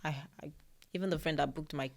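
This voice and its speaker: A woman from Nigeria co-hosting a podcast, speaking in a fairly low voice. She tells a personal story in a relaxed, conversational way, earnest and full of repeated phrases for emphasis. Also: fast, vocal fry. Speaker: podcast co-host. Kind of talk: casual chat.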